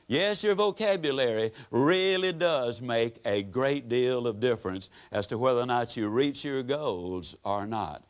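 A man from the United States giving a motivational lecture to a live audience, with a folksy, dramatic delivery that swings widely in pitch and loudness. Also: a little slow, few pauses. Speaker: motivational speaker.

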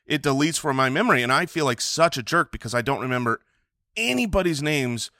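Casual talker, man, bright edge to the voice, stumbles through his stories. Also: mid-range voice, animated, fairly quick, dry recording, studio quality. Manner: rambling, stumbles and restarts often. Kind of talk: casual chat.

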